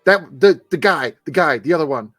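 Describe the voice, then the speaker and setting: A high-pitched, shouting rogue who trips over his words and swears in frustration as he hunts for a name, as a man puts him on. He sounds loud and close, with no room around him. He comes across as a comic character in a tabletop game. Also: expressive, moderate pace, dry recording. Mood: frantic. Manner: flustered stammering, swearing. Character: frantic foul-mouthed man groping for a name.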